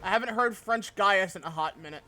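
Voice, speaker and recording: A man's voice: high voice, a little fast, bright, forceful tone, faint music behind. A young man streaming a game live, chatting casually, swearing freely and laughing often. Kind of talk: casual live-stream chat while gaming.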